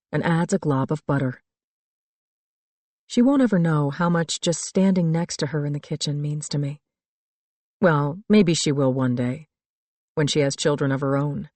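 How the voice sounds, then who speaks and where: A middle-aged woman narrating a first-person thriller audiobook in a calm, reflective storytelling manner. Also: sits low, dry recording. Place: dry studio booth.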